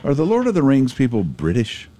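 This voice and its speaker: A man's voice: medium pitch, huge pitch swings, fairly quick, mellow. A man co-hosting a casual radio show from the studio, rambling and joking and asking lots of questions. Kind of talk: casual morning radio banter.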